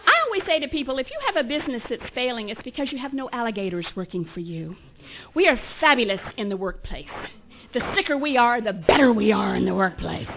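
A woman's voice: on the high side, animated, fast, creaky. A woman giving a candid personal testimony at a recovery meeting, telling her story with wry humor and acting out remembered conversations. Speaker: speaker sharing at a recovery group meeting. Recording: tinny phone-like lo-fi recording with faint hiss.

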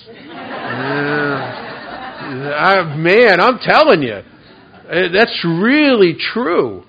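A man's voice: fairly high pitch, sing-song, slow, slightly rough, lo-fi sound. A man telling a candid, confessional story about his recovery to a meeting, with self-mocking humor. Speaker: recovery speaker.

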